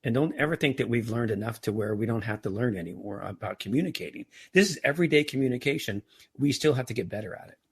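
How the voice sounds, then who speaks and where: A man's voice: mid-range voice, animated, fast talker, husky. A man as a podcast guest, talking earnestly and telling anecdotes in a conversational interview. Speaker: podcast guest, entrepreneur and author.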